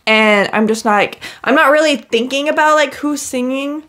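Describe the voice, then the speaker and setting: A woman's voice: high-pitched, animated, a little fast, hardly any pauses, fairly bright tone. A young woman gushing and squealing as she reacts to music for her vlog, chatty and full of fillers.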